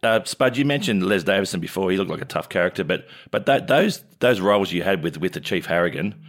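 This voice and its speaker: Deep aussie host asking questions, chatty. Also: male voice, lively intonation, fast. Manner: asks questions with brief agreeing replies. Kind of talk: casual interview.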